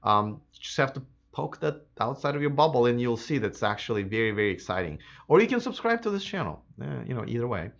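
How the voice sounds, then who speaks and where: A man hosting a live electric car stream, answering viewer comments in a casual, chatty way, slightly hoarse. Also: mid-range voice, sing-song, quick pace, fairly bright tone, highs cut off. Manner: casual and chatty, many fillers and restarts. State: slightly hoarse, losing his voice.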